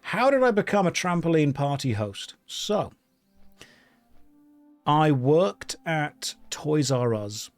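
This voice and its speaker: A man live-streaming an online game, chatting casually with his viewers and joking in a deadpan way while reading their messages aloud. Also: on the high side, slow pace, no room sound, faint music behind.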